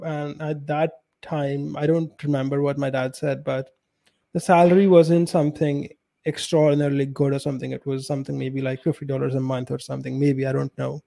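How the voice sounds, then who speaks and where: A man's voice: fairly high pitch, steady tone, moderate pace, creaky, dark tone. A man, co-hosting a podcast in casual chat and giving blunt, opinionated takes. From India. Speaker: podcast co-host.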